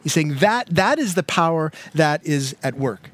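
A man's voice: on the high side, animated, unhurried, fairly bright tone, no echo. A man, a pastor, preaching a sermon in a conversational way, with many fillers and restarts. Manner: conversational, with frequent fillers and repeated words.

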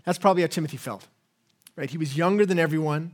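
Higher-voiced English man preaching conversationally. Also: quick pace. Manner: conversational, with rhetorical questions and frequent "right?". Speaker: pastor. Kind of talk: sermon.

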